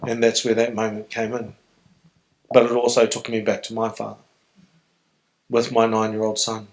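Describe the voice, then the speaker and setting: A man's voice: lowish voice, completely flat delivery, moderate pace, rough recording. A middle-aged man from New Zealand with a New Zealand accent, speaking earnestly and reflectively as a guest in a live stage Q&A. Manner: earnest, reflective, emotionally open. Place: on stage before an audience.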